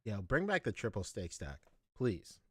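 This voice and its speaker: Lively, giggly man chatting. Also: fairly low pitch, moderate pace, no room sound, clean studio sound. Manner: giggly, playful. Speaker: podcast co-host. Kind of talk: casual chat.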